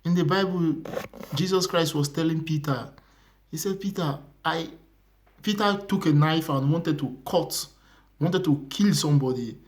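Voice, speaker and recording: Young Nigerian preacher, earnest sermon voice, repeats lines, dips into whispers. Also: male voice, a little high, a little slow. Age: young adult. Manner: earnest, repetitive preaching that drops to hushed whispers.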